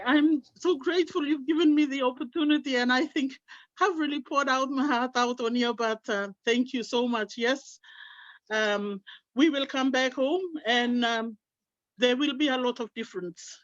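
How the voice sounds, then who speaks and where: A middle-aged team member from Papua New Guinea speaks unhurriedly in a high-pitched voice, offering an earnest, devout and heartfelt testimony on an online call. No room sound comes through, and the highs are cut off.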